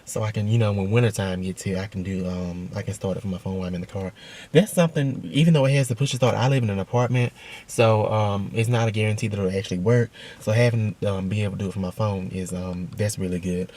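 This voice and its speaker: A man's voice: lowish voice, steady tone, quick pace, darkish tone. A young man from the American South, talking casually to camera for his vlog, rambling with lots of ums and restarts. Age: young adult. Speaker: vlogger. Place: outdoors by a highway near a car.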